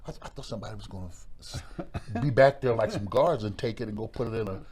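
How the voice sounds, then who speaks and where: A middle-aged man, a former pro wrestler, telling stories in a relaxed interview, with a lively way of talking that acts out voices and repeats words. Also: fairly low pitch, fast. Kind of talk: storytelling in a podcast interview.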